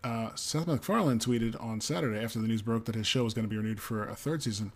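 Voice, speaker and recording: A man's voice: fairly low pitch, quick pace, hardly any pauses. Man reading news on a podcast. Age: adult parent of a young child. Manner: reads stories aloud with frequent ums and asides. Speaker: podcast co-host. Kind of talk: casual news roundup.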